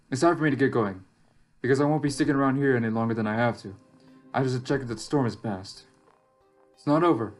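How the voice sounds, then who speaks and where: A man's voice: mid-range voice, natural voice. A man reading aloud as a lost, anxious young survivor in a text game, reflective and wry, with faint game music behind. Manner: reflective, rises sharply when alarmed.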